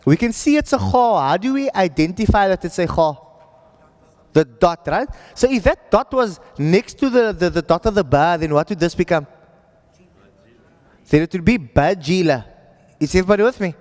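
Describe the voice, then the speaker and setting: Teacher, male, patient, keeps checking the class follows; high-pitched, room echo. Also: expressive, normal speed, a little mellow. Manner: patient, checks in with students often. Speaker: Arabic reading teacher. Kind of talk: classroom lesson.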